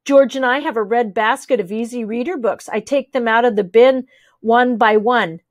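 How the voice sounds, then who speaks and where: A woman reading a children's chapter book aloud, lively and switching voices for each character. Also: a little high, moderate pace, dry recording. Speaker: audiobook reader.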